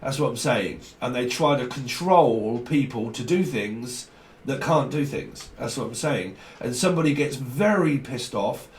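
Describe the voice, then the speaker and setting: A man's voice: medium pitch, animated, measured pace, reverberant, distant mic. A man giving a casual, rambling tarot reading, full of slang and acting out little exchanges in different voices. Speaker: tarot reader.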